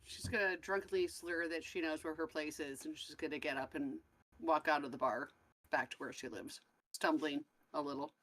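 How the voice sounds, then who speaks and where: A woman's voice: deep voice, fairly even intonation, moderate pace, fairly bright tone. A woman playing in a casual tabletop game, playful and joking. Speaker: player. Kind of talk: tabletop role-play.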